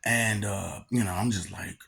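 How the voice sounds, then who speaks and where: A man's voice: fairly low pitch, steady tone, normal speed, gravelly, fairly bright tone, slightly rough. A man telling a personal story in a casual, rambling way. He laughs often and keeps repeating filler phrases.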